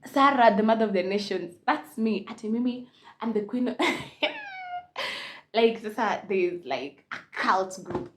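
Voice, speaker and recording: A young Kenyan woman telling a casual storytime, switching between Swahili and English, animated and laughing often. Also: medium pitch, measured pace, a little hiss or hum. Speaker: vlogger.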